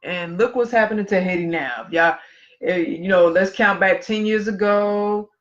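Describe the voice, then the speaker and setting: A man, co-hosting a podcast. He reads history passages in a relaxed, conversational way and stops for offhand comments. The audio is muffled and lo-fi, like a livestream. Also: sits high, moderate pace. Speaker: podcast co-host. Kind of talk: casual podcast talk, reading history.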